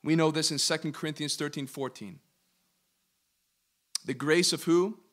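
A man teaching a Bible study as a pastor, emphatic, asking his listeners questions and slowing down to stress key words. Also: on the high side, steady tone, a bit bright. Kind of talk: interactive sermon teaching.

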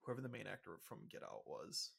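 A man's voice: fairly low pitch, big pitch swings, a little fast, gravelly, fairly bright tone, husky. A young man co-hosting a casual podcast, explaining comic plots in a loose, rambling way full of fillers. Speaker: podcast co-host. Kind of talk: casual chat.

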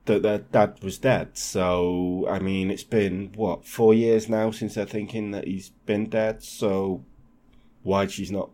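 A man from England telling a true crime story on a podcast in a casual, swearing, animated way. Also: on the low side, slow pace. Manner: swearing, animated, laughs often.

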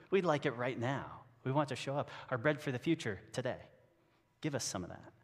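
Joking pastor in a reverberant hall. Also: male voice, medium pitch, lively intonation, normal speed, breathy edge. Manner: conversational and joking, with frequent restarts. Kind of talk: sermon. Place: church sanctuary.

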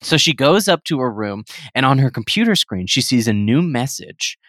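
A man's voice: mid-range voice, very animated, normal speed, fairly bright tone, no room sound. Man, comedy podcast narrator, rambling, laughing asides, dry mic. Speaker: podcast co-host. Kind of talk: comic storytelling.

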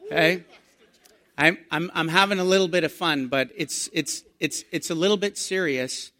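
Middle-aged man, pastor, animated storytelling sermon, bright tone. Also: a little high, normal speed. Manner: storytelling, animated, rising to excited emphasis.

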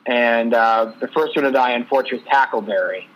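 A man's voice: mid-range voice, quick pace, highs cut off, slight background noise. A man co-hosting a sports podcast in casual chat, joking dryly and hesitating with fillers. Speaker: podcast co-host.

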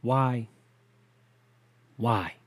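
This podcast host is a man who rants casually and with plenty of profanity. He sighs a lot and lurches from loud outbursts to low muttering, all at a very slow pace.

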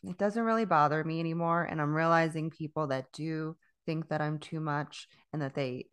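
A woman's voice: low voice, fairly even intonation, normal speed, clear, resonant tone. A woman co-hosting a casual chat, candid and profane, often laughing as she talks. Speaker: podcast co-host.

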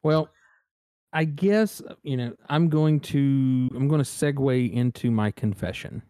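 A man co-hosting a podcast in casual chat, easygoing and quick with short replies. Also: mid-range voice, warm tone, clean tone, no room sound, studio quality. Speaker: podcast co-host.

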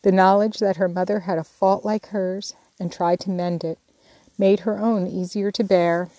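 Brief: woman audiobook narrator, mellow tone, dry close studio sound, measured. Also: medium pitch, no echo. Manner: measured, expressive. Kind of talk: scripted narration.

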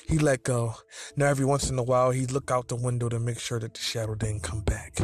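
Story narrator: man, mid pitch, husky, steady read over faint music. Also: quick pace. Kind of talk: reading a fan story aloud.

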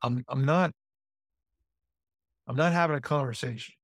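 A man of middle pitch talks about prayer in loose, halting bursts, stumbling over and repeating his words. His voice is recorded close and dry. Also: no echo. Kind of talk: casual faith conversation.

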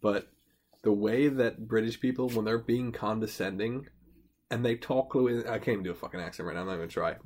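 A man's voice: fairly low pitch, a little fast, darkish tone. A young man co-hosting a podcast, rambling crudely in casual banter with laughing asides. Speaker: podcast co-host.

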